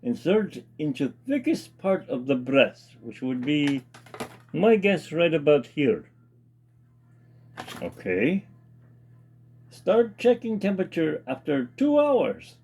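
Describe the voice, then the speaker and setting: A man's voice: a little high, sing-song, takes it slowly, pauses often, a little mellow, slight background noise. A man hosting his own casual cooking demonstration in a home kitchen, chatting and reading package steps aloud with comments. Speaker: home cooking show host.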